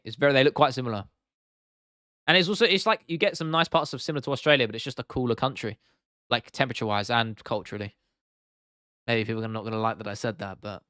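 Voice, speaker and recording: On a live stream, a young Englishman chats casually and swears freely while answering his chat. His voice is smooth, clear and mid-pitched, a bit bright, recorded dry and close to the mic with no room sound.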